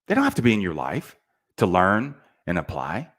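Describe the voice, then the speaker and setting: A man's voice: low voice, wildly swooping pitch, normal speed, a bit bright. A middle-aged man giving a casual motivational talk to salespeople, preachy and peppered with "man".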